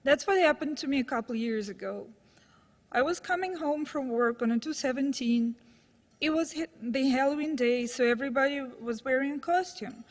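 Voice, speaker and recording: A woman's voice: sits high, big-room sound. A woman telling wry true stories on stage at a live storytelling show. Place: stage in a hall.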